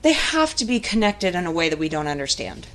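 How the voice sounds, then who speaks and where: Woman, podcast co-host, somewhat low pitch, animated conversational reading of listener stories. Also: brisk.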